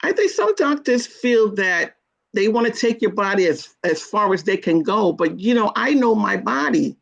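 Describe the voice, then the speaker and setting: Woman, guest, earnest storytelling, gravelly voice, middle pitch. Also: sing-song, normal speed, muffled recording. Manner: earnest, retells her own quoted words with rising intensity. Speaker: guest sharing her kidney disease story. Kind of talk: emotional personal storytelling.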